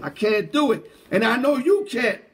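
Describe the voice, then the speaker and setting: Very high-voiced blunt sports host, a man. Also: lively intonation, moderate pace, fairly bright tone. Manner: blunt and emphatic, street slang, calls people dog. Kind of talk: casual chat.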